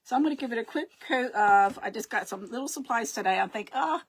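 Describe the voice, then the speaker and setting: A woman's voice: on the high side, quick pace, husky. A middle-aged woman hosting a casual live craft stream, rambling and chatty, often losing her words and greeting her viewers.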